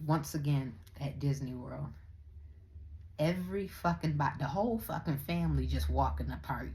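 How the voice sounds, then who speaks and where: A young woman vlogger ranting in a blunt, profane, animated way as she comments on other creators. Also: deep voice. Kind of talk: casual commentary rant.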